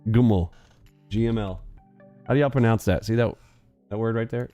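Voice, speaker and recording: A man's voice: fairly low pitch, moderate pace, mellow, lo-fi sound, soft background music. A man hosting a live trading stream in casual chat, joking and rambling with playful sound effects.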